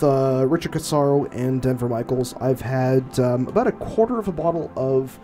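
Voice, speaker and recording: Mellow-voiced podcast host, rambling. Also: male voice, mid-range voice, moderate pace, few pauses, faint music behind. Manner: rambling, swears freely, many restarts. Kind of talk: casual podcast chat.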